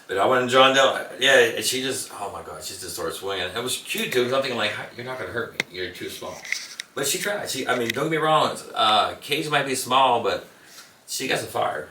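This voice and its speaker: Male interview guest, quick, rambling storyteller, recorded off-mic in a roomy space. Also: medium pitch, animated, sharp tone, slight background noise. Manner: rambling anecdotes. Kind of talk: casual storytelling. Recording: echoey room, mic at a distance.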